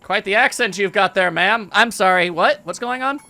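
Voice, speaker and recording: A man's voice: high voice, moderate pace, sharp tone, faint music behind. A man giving casual, jokey, rambling commentary while playing a video game. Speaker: let's play host.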